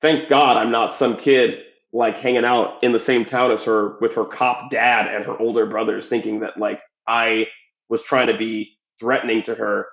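A man's voice: lowish voice, little pitch movement, moderate pace, creaky, a bit bright. A man in a casual monologue, talking bluntly and profanely, rambling with fillers. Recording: roomy, dull lo-fi sound.

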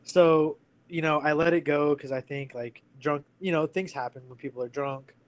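A man's voice: fairly high pitch, fairly even intonation, moderate pace, low-quality recording. Casual, candid male storyteller in his thirties: earnest, loose, heavy on fillers, conversational. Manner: candid and earnest, full of fillers like "like" and "you know". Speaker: guest telling a personal story.

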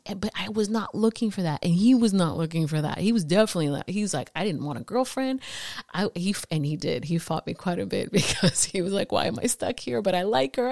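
A woman in her late thirties, of Puerto Rican background, telling a personal story in a podcast chat, animated and laughing as she acts out the quotes. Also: low-pitched, no echo, studio quality. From Puerto Rico. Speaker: podcast guest. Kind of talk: casual storytelling.

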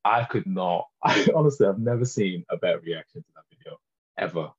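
Husky lad, lo-fi. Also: male voice, low voice, fairly quick. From northern England. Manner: animated storyteller, laughs often. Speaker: podcast co-host. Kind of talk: casual chat.

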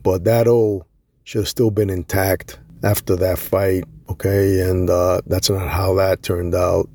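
A man's voice: deep voice, level tone, unhurried, dark tone, breathy edge, no echo. A middle-aged Puerto Rican man giving a blunt, profane, emphatic opinion monologue on boxing. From Puerto Rico. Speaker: boxing commentator.

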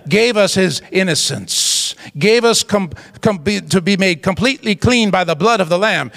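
A man's voice: very high-pitched, vocal fry, sharp tone, in a large hall. A man preaching a sermon as pastor, emphatic and exclamatory.

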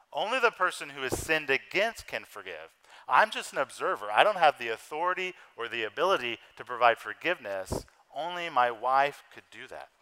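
A man's voice: medium pitch, smooth, rough recording. Earnest male pastor preaching a sermon. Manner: earnest preaching with wide swings in loudness and pace.

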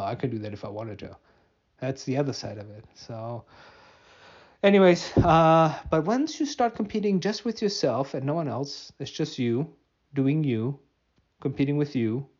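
A man's voice: medium pitch, a little mellow, dull audio. A man hosting a solo podcast, rambling and joking at his own expense, with many fillers and restarts. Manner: rambling, self-mocking, frequent fillers and restarts; laughs often at himself. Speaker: podcast host.

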